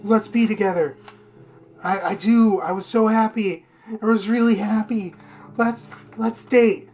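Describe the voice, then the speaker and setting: A man's voice: sits high, steady tone, unhurried, darkish tone, slight background noise, pitched above the performer's own voice. A man doing a shy, stammering teenage girl. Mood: eager. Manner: hesitant, stammering.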